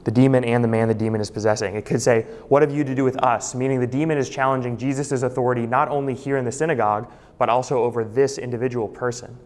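A man's voice: mid-range voice, fairly even intonation, fast talker, darkish tone. Man preaching in an echoing hall. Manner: emphatic, repeats key phrases for stress. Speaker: pastor. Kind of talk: sermon.

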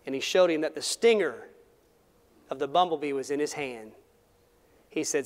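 High-voiced impassioned male preacher in a hall. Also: moderate pace. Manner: impassioned preaching with sudden drops to soft tones. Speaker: pastor. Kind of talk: sermon. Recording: long hall reverb.

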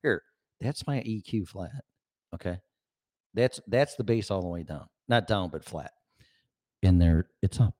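A man's voice: deep voice, a little slow, long pauses, a little mellow. A man hosting a podcast in casual chat, blunt and swearing freely, often laughing. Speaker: podcast host. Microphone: home studio mic through small mixer.

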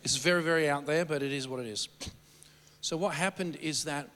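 A man preaching and telling stories, rambling and animated, often stammering and restarting his sentences. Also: a little high, a little fast. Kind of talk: sermon storytelling. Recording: long hall reverb.

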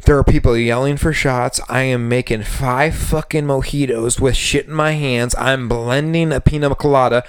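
A man's voice: steady tone, normal speed, hardly any pauses, clean tone, dry recording, studio quality. A man co-hosting a podcast, venting about bartending with lots of swearing and mimicking customers. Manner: profane venting, mimics customers in high voices. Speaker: podcast co-host. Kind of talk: casual chat.

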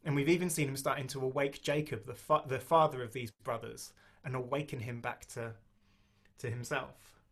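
A man preaching a sermon and reading scripture aloud, slowing down to stress key phrases and speaking conversationally with small restarts. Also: medium pitch, level tone, fairly bright tone.

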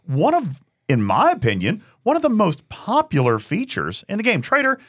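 A man co-hosting a podcast, talking in an emphatic, animated way and often repeating words as he argues a point. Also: high voice, moderate pace, breathy edge. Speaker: podcast co-host. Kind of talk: casual debate chat.

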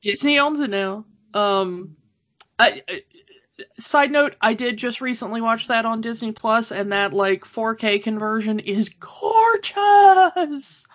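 On a podcast with dull lo-fi sound, a woman co-host chats casually about a cartoon film. Her voice is on the high side, unhurried and fairly bright, and she gushes enthusiastically with plenty of fillers.

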